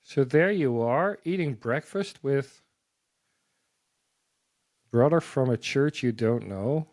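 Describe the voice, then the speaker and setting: A man telling his own story as a guest, in a mid-pitched voice with a dry, close sound. He halts often, restarting and repeating words as he goes. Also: lively intonation, slow, darkish tone, no room sound. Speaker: guest sharing a testimony.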